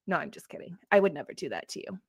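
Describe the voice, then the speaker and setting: A woman's voice: sits low, very animated, rapid-fire, breathy edge, no echo, studio quality. A woman hosting a casual true crime livestream, chatting in a rambling way and answering comments from her live chat. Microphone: streaming setup.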